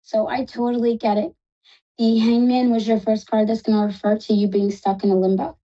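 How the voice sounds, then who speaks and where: On a live call-in show, a woman reads tarot cards for a caller, chatty and reassuring, calling the caller "love." Her voice is a little high and warm, with a flat delivery at a fairly quick pace, and the highs are cut off.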